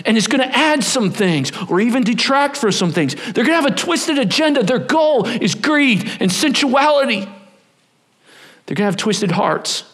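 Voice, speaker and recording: A middle-aged man preaching a sermon as pastor, telling stories in an animated way and acting out voices. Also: on the high side. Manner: animated, lively storytelling with acted-out voices.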